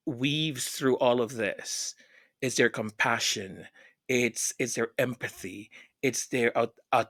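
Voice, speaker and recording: A man's voice: medium pitch, a bit bright, dry recording, clean studio sound. A man hosting a fan news channel, speaking in an emotional, tearful way with many stammered repeats. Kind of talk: casual vlog commentary.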